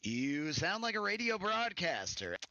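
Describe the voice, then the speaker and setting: Man, game streamer, high swooping voice, slow drawl, loud music under him. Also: very animated, dull audio. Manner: loud, playful, sings and shouts at the game. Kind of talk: excited live game streaming.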